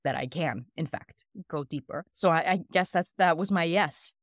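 A woman's voice: sits low, dry recording, studio quality. A woman co-hosting a podcast in casual chat, reflective, quoting her own thoughts aloud. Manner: reflective, quick-spoken, drops into quoted self-talk. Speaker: podcast co-host.

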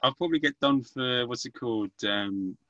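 A man's voice: medium pitch, moderate pace, sharp tone, dry recording, dull audio. A man hosting a casual podcast chat, who often restarts his sentences and searches for words. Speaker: podcast host.

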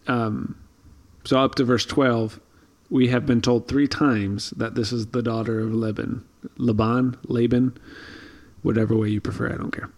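A podcast co-host speaks in a medium-pitched, flat voice at normal speed on a casual Bible study podcast. He explains things thoughtfully, with many ums and restarts.

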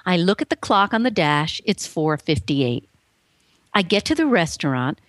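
A woman guest telling her story on an interview show, earnest and emphatic, acting out the voices she quotes with big pitch swings. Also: big pitch swings, normal speed, no room sound. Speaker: guest author. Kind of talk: animated personal storytelling.

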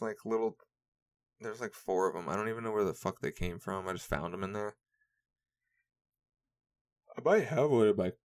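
A young man hosting a podcast, chatting casually on his own, rambling and swearing with frequent laughter. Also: fairly low pitch. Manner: rambling, profane, laughs often. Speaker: podcast host. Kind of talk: casual solo podcast chat.

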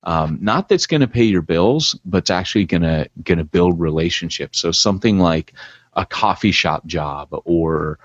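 A man with a low, deep voice co-hosts a casual podcast and speaks bluntly and with emphasis. The sound is dry and close, with dull, lo-fi audio. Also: expressive, normal speed, no echo. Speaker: podcast co-host.

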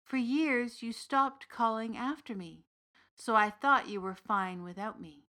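A woman reading the part of a big, gently knowing uncle from the fairy realm in an audiobook story. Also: fairly high pitch, a little slow, pitched above the performer's own voice. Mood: calm. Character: big warm Irish uncle, old fairy king's son.

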